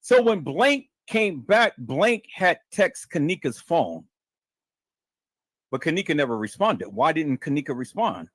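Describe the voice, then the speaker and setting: A man with a high voice hosts a live stream and reads a report aloud, stopping to comment. He talks slowly and dramatically, repeats words and stammers, and keeps calling out to his viewers. The sound is dry and close. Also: very animated, fairly bright tone, dry recording.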